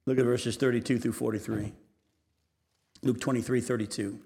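A man's voice: mid-range voice, fairly even intonation, moderate pace, vocal fry. Man preaching in a reverberant hall. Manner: preaching, reads scripture aloud then comments, swings between loud and hushed. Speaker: pastor. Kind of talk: sermon.

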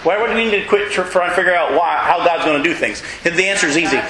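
A man preaching a sermon in a folksy, emphatic way, with self-mocking humor and sudden high leaps in pitch to stress his points. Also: fast talker, hardly any pauses, bright, forceful tone, reverberant, poor audio. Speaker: pastor.

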